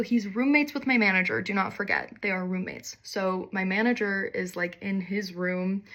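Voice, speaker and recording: A woman's voice: mid-range voice, fairly bright tone. A young woman telling a candid, wry personal story in a casual monologue, swearing freely and poking fun at herself.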